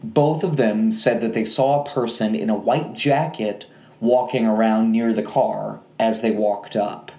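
A man co-hosting a podcast, telling a true crime story in a relaxed, rambling way with lots of fillers and restarts. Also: fairly low pitch, measured pace, echoey room, lo-fi sound. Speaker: podcast co-host.

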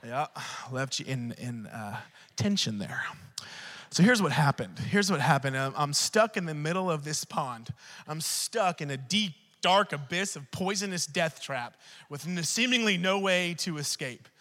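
A male pastor preaching a sermon, swinging from loud, fervent declarations to quiet, chatty storytelling. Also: fairly high pitch, animated, a little slow, long reverb tail. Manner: acts out dialogue in his stories.

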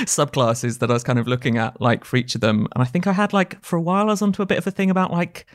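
A man's voice: medium pitch, flat delivery, fast. Man, casual chat, meandering, lots of "like" and restarts. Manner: meandering, many fillers and restarts. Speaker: podcast co-host and tabletop player.

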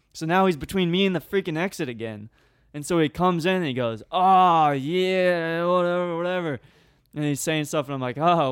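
A young man casually telling a long funny story on a podcast, animated and laughing often. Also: a little high, no room sound, clean studio sound. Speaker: podcast co-host.

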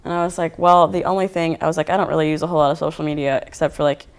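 A man's voice: on the high side, fairly even intonation, racing, clear, resonant tone. A young man, a guest artist, chatting casually on a podcast, laid-back and rambling with lots of fillers. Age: young adult. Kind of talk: casual chat.

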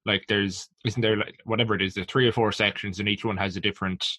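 A man's voice: fairly low pitch, fairly even intonation, fast talker, sharp tone, breathy edge, no room sound. A young adult Irish man co-hosting a podcast, chatting loosely with lots of "like". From Ireland. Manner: loose, conversational, with frequent "like". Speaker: podcast co-host. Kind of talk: casual chat.

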